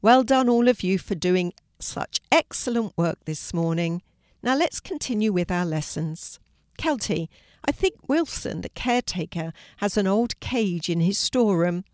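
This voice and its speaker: A woman's voice: mid-range voice, lively intonation, unhurried, no echo, clean studio sound, lightly acted. A woman voicing a kind, encouraging schoolteacher in a children's storybook reading. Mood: brisk. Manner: warm, encouraging.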